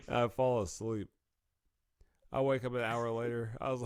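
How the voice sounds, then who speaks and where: A man's voice: medium pitch, steady tone, unhurried, darkish tone, clean tone, dry recording, clean studio sound. A man, co-hosting a podcast and telling a story in casual chat, laughing as he talks and acting out the people he quotes. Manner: laughs through his stories, acts out quoted people. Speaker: podcast co-host.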